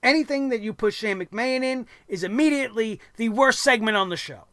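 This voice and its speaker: A man's voice: extremely high pitch, brisk, a bit bright, dry recording, studio quality. A man hosting a wrestling review show, ranting bluntly and sarcastically with plenty of swearing.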